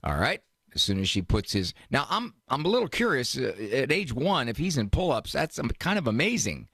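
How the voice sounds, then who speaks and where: Animated joking male radio host. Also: mid-range voice, a little fast, husky, no room sound, studio quality. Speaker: radio host, advice doctor. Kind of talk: radio call-in advice show.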